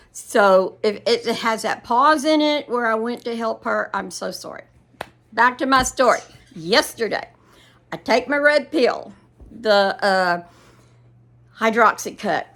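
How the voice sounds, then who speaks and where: A woman's voice: mid-range voice, a bit bright. An older woman hosting a casual vlog, telling a rambling story and giggling often as she talks to her viewers. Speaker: vlog host.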